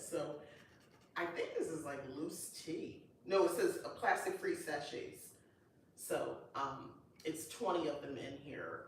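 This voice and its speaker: A woman hosting a casual unboxing chat, gushing and excitable, with lots of delighted exclamations. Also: low voice, distant mic. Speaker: host. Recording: echoey room, voice off-mic, faint noise.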